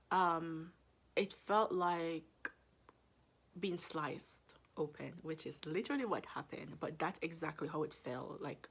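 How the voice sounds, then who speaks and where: A woman's voice: fairly low pitch, fairly bright tone. A young woman in her twenties, a medical student, telling a story in a casual vlog with lots of fillers and laughter. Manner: chatty, laughs often, drawn-out fillers.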